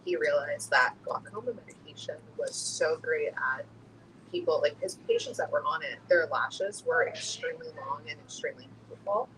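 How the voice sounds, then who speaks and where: A woman's voice: low voice, big pitch swings, moderate pace, a bit bright, slight background noise, low-quality recording. A young woman who runs a skincare business, talking casually and laughing often. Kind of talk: casual chat.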